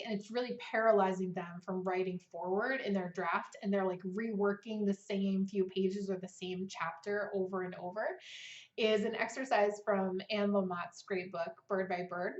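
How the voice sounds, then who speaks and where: Chatty woman in a roomy room. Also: mid-range voice. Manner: chatty, frequent "like" and "right?". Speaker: writing coach. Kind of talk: casual vlog talk. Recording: roomy, slightly dull recording.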